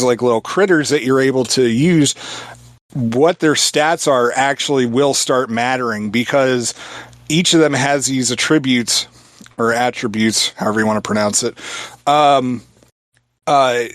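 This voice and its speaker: A man's voice: mid-range voice, no room sound. Rambling man on a dry podcast mic. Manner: rambling, filler-heavy explanation. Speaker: podcast guest reviewing a game. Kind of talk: casual podcast chat.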